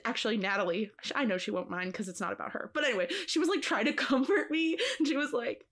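A woman co-hosting a podcast in casual chat, talking in an expressive, emphatic way and laughing often. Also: on the high side, fast. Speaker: podcast co-host.

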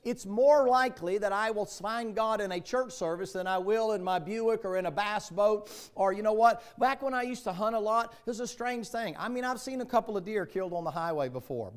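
High-voiced Southern pastor preaching. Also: male voice, fairly quick, hardly any pauses. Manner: folksy, joking storyteller. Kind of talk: sermon.

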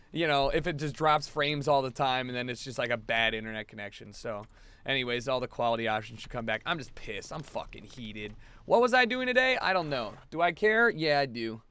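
A man's voice: on the high side, pushed and bright, smooth, no room sound. A man streaming a game live from his apartment, ranting to his chat in a rambling way and swearing freely. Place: home apartment.

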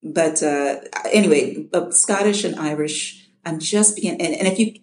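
A woman's voice: deep voice, moderate pace, darkish tone, roomy sound. A middle-aged woman from Chicago, an audiobook narrator, talking casually in an interview, often restarting with repeated words and laughing.

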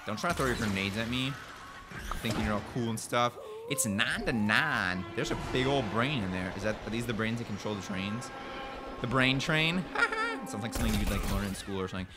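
A man's voice: fairly low pitch, lively intonation, a little fast, background noise. A young man casually rambling through let's play commentary, goofing around and talking back to the game. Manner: goofy, rambling, talks to the game. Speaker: gaming channel host. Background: game music.

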